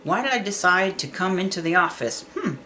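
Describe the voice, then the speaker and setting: A woman voicing a kind middle-aged male doctor who muses and wonders aloud in a gentle, wondering manner. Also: fairly low pitch, animated, fairly quick, a little hiss or hum. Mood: puzzled. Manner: wondering, musing.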